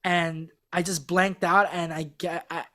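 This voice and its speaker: Woman, lowish voice, podcast guest, casual storytelling, rambling, lots of fillers and restarts. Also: unhurried. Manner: acts out quoted people in a mock-excited voice. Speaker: singing contestant guest on a podcast.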